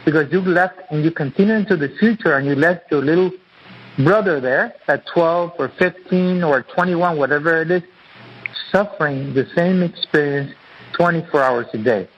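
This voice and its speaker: A man's voice: on the high side, moderate pace, dull audio, slight background noise. A man guest, an author and acupuncturist, explaining his teaching in an earnest, repetitive, teacherly way during an interview.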